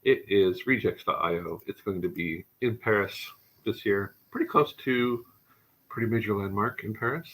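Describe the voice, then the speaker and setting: Bright, husky-voiced man hosting a tech chat. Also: lowish voice, normal speed, low-quality recording. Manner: enthusiastic, rambling asides. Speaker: show host. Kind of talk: casual tech livestream chat.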